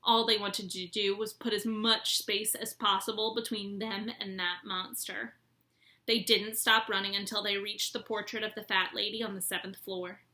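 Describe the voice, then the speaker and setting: A woman's voice: medium pitch, level tone, moderate pace, bright, forceful tone. A woman teacher reading a children's book aloud expressively.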